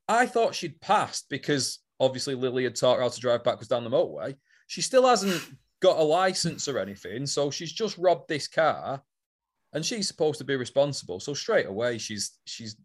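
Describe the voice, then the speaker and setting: Animated man correcting his co-host. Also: mid-range voice, normal speed. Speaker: podcast co-host. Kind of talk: casual chat about a show.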